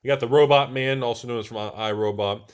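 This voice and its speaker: A man hosting a casual show-and-tell of his card collection, chatty and wisecracking, jumping between excited bursts and low mutters. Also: quick pace, clear, resonant tone. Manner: wisecracking, self-mocking.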